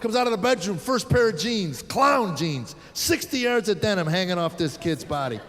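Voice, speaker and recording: A man's voice: high-pitched, expressive, normal speed, fairly bright tone, soft background music. A middle-aged man from the United States doing a stand-up set, telling exasperated, sardonic stories about raising his kids. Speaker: stand-up comedian. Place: theater stage before a live audience. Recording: live stage recording with hall reverb.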